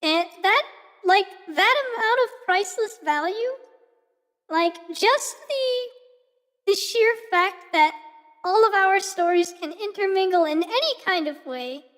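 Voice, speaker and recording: A woman's voice: extremely high pitch, expressive, takes it slowly, long reverb tail, full character voice. A woman putting on a ditzy, gushing valley girl voice, stuffing every phrase with "like, totally" during a livestream chat.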